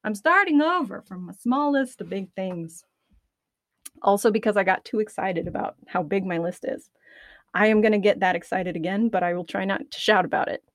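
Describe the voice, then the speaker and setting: A nervous woman podcast host talks between takes with a dry mouth, giggling and poking fun at her own stumbles. Her voice sits at a mid pitch and sounds close and dry on a studio mic, with no room around it. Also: normal speed, no room sound. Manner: self-deprecating, giggly, restarts often. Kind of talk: casual recording outtakes, self-commentary. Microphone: studio microphone at a computer.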